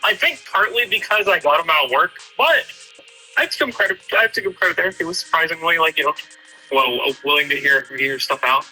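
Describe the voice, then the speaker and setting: Very bright, slightly high man, hesitant. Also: animated, fast talker, faint music behind, low-quality recording. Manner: hesitant, full of fillers, retelling a conversation. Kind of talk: casual chat.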